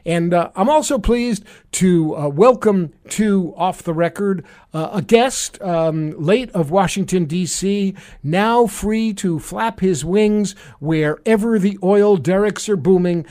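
High-voiced New York radio host. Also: male voice, dark tone. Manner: halting, full of restarts and fillers. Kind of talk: casual radio chat.

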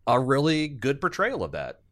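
A man's voice: mid-range voice, wildly swooping pitch, normal speed, a bit bright. A young man co-hosting a podcast, chatting casually and rambling with jokes. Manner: rambling, joking, drifts into goofy put-on voices. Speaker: podcast co-host. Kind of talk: casual chat.

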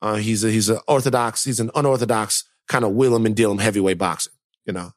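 A man hosting a podcast, telling a story in casual, animated chat, repeating phrases for effect and swearing casually. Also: on the low side, fast talker, no echo, studio quality. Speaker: podcast host.

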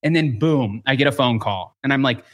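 A man hosting a podcast, telling gossip with lively acted-out quotes and lots of filler "like". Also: medium pitch, a little fast. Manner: animated storytelling with acted-out quotes; frequent filler "like". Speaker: podcast host. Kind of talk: casual gossip chat.

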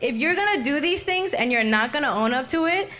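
Female panelist, pressing and insistent, slightly high pitch. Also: animated, a little fast, bright, forceful tone. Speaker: podcast panelist. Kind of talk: heated panel debate.

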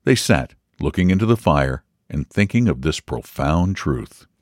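A man reading a story aloud as narrator, measured and expressive. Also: very deep voice, no echo, studio quality. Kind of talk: audiobook reading.

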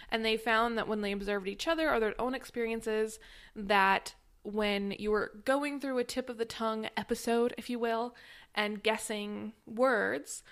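A woman's voice: fairly high pitch, a bit bright. A woman hosting a podcast, explaining in a chatty, casual way with frequent "like" and restarts. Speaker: podcast host. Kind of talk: casual educational podcast monologue.

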